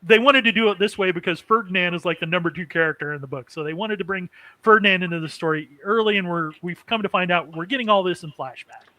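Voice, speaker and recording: A man's voice: sits high, fast, bright, forceful tone, no echo, rough recording. A man hosting a casual anime recap, rambling with many fillers and chuckling as he goes. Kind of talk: casual chat.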